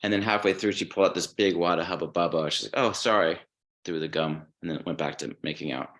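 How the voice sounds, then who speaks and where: A man talking as a podcast guest, telling stories in a relaxed way and swearing casually. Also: low voice, fast. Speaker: guest musician.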